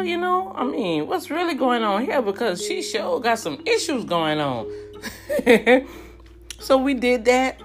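A woman telling a story to her viewers in a lively, chatty way, talking straight to them. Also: on the high side, measured pace, over music.

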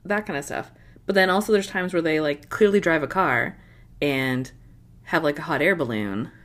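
A woman's voice: low-pitched, normal speed. A woman co-hosting a book podcast, chatting casually with many filler words. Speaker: podcast co-host.

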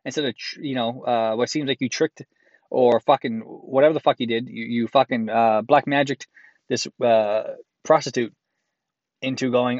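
A man's voice: medium pitch, fairly even intonation, normal speed, no room sound, lo-fi sound. A man reads a listener's letter aloud and breaks in with crude, profane, sarcastic comments. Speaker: host reading a listener's letter.

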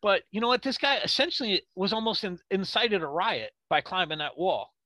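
A man co-hosting a sports podcast, ranting in a heated, profane way with rapid rhetorical questions. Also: sits high, expressive, pushed and bright, dry recording. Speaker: podcast co-host.

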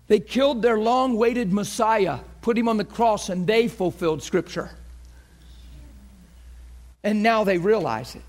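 A high-pitched man preaching with fervor, rising to loud cries and then dropping to quiet, earnest pleading. He acts out the gasps and voices of the crowd in his story, so the delivery keeps changing in height and force. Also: measured pace, long pauses. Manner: swings from shouting fervor to hushed earnest appeals. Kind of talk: impassioned sermon.

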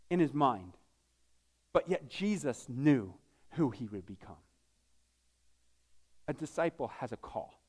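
A man preaches from the pulpit in a relaxed, conversational way, cracking jokes and tripping over his own words as he goes. His voice sits high for a man. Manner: casual and joking, with frequent restarts. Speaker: pastor. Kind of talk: sermon.

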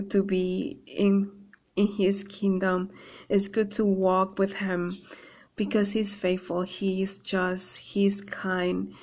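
Slow, flat-voiced woman giving a devotional. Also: mid-range voice. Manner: halting, many fillers and restarts, earnest. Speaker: Bible devotional speaker. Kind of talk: informal devotional talk reading and explaining a psalm.

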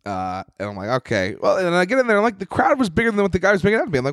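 A man's voice: high voice, sing-song, very fast, a bit bright, no room sound, studio quality. A young man telling a rambling, profane story in casual chat as a podcast co-host. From New York.

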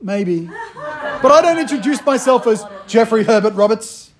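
A man's voice: sits high, expressive, normal speed. Man preaching a casual, joking sermon. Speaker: pastor.

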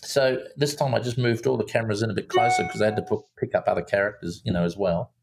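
Man, low gravelly voice, director recounting a shoot, casual interview, restarts a lot. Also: fast, very noisy. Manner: animated storyteller, acts out quotes, many restarts. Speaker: film director.

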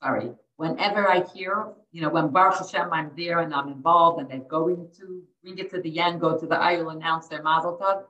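A woman's voice: sits low, a little fast, few pauses, fairly bright tone. A middle-aged woman and dating coach, telling heartfelt stories in a podcast interview and sprinkling in Yiddish and Hebrew terms. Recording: echoey, distant, dull lo-fi audio.

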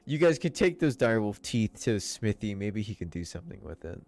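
A man voicing a stern grown male villager who speaks gruffly and swears in a tabletop game. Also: lowish voice, very animated, fairly quick, a little mellow. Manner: gruff, swears, lectures coldly.

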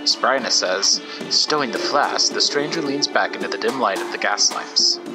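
A man's voice: medium pitch, animated, normal speed. A man hosting a game podcast, reading game text aloud and chatting casually with lots of fillers. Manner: chatty, rambling, with frequent fillers. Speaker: podcast host. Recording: loud music behind voice. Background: loud music.

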